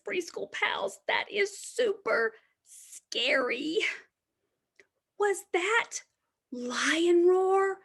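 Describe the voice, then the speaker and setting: Very high, animated and gravelly yet a bit bright, this woman's voice carries a picture book reading for preschoolers. She teaches them with slow, exaggerated, sing-song storytime delivery and drops into whispers for asides.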